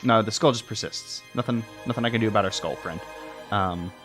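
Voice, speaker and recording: Over game music, a Texan man with a fairly low voice talks fairly quickly while playing a video game. His let's-play commentary is rambling, self-deprecating and packed with filler words.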